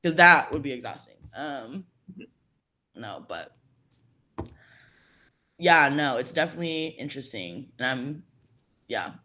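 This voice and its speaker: A woman's voice: rumbling low, animated, a little slow, pauses often, pushed and bright. A young adult woman, a podcast guest, chatting casually and telling a story. She fills her speech with "like" and acts out the voices of people she quotes. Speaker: podcast guest, college debater.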